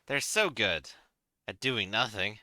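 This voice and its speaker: Man, tabletop player, very bright voice, dry close sound, joking chatter. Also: lowish voice, expressive, takes it slowly, dry recording. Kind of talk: casual tabletop play.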